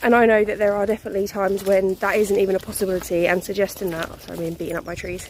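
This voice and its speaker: A woman's voice: mid-range voice, little pitch movement, racing, noisy background. A young woman chatting casually to her phone while walking her dog through a muddy forest, a little out of breath and laughing often. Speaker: vlogger.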